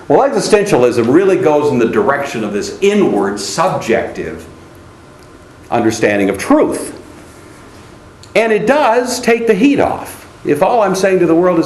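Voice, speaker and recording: A man lecturing a class, calling on students by name and now and then mocking the ideas he quotes. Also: mid-range voice. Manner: animated, calls on students by name; mocking singsong when quoting shallow hymns. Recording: echoey classroom with faint ambient noise.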